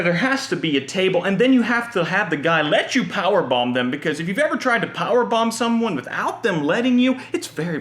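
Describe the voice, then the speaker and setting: A man hosting a web series, telling a comic monologue in an animated, exaggerated way. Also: high-pitched, roomy sound. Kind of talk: comedic monologue.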